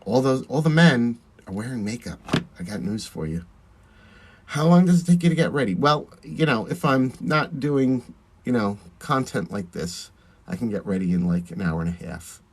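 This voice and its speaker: Man, drag performer, husky voice with a bouncy, lively melody, chatty live-stream host thanking viewers. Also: mid-range voice, normal speed. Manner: chatty, reads viewer comments aloud and thanks them. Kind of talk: casual live-stream chat while doing makeup.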